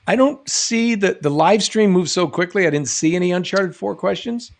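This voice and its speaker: A middle-aged man from New England hosts a live stream, reading out chat and riffing on it. His voice sits a little high, and he talks in a loose, jokey, meandering way. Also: animated, normal speed. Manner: jokey, rambling, reads chat aloud. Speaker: show host answering live chat.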